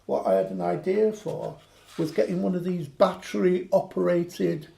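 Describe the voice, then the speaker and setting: A man's voice: high-pitched, moderate pace, gravelly, dark tone. A man chatting through a craft demonstration, joking and poking fun at himself. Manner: joking, self-mocking banter.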